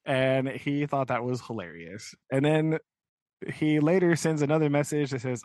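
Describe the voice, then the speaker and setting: A young man co-hosts a casual book discussion podcast, recapping the book in a rambling way, packed with fillers like "like" and constantly asking "right?". His voice is medium in pitch and speed with a darkish tone, captured in a dry recording.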